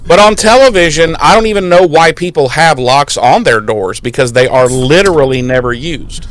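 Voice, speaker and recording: A man's voice: fairly high pitch, expressive, normal speed. Sarcastic, chatty male podcast host. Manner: chatty and profane, sarcastic asides. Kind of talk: casual episode recap.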